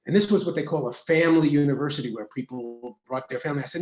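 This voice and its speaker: Man telling relaxed anecdotes. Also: medium pitch, fast, few pauses. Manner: relaxed anecdotes with laughs and fillers, raising his voice for quoted women. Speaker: guest, the host's husband. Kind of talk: casual conversation on a live broadcast. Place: writing studio. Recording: echoey room.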